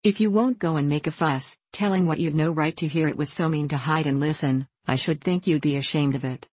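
A woman voicing a fashionable, petulant older girl who frets and pleads, in a low voice. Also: a little fast, darkish tone, husky, no room sound. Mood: fretful. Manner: petulant, fretful.

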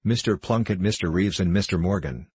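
Narrator doing a stiff, formal consul, low husky voice, storybook reading. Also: male voice, fairly quick, a little mellow, dry recording. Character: uneasy, formal male consul.

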